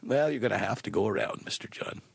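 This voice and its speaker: A man voicing a calm, patient male car-assistance phone operator who speaks slowly and evenly. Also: on the low side, vocal fry, breathy edge, no room sound, voice pushed down, heavily acted. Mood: deadpan patient. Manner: slow, flat, unbothered patience.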